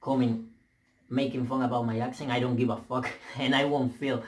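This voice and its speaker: A young man with a Spanish accent rants straight into a camera mic, English clearly not his first language. He is profane and emphatic, stumbling into restarts as he pushes his point. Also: medium pitch, little pitch movement, normal speed, darkish tone, a little hiss or hum. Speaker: vlogger. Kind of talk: heated rant to camera.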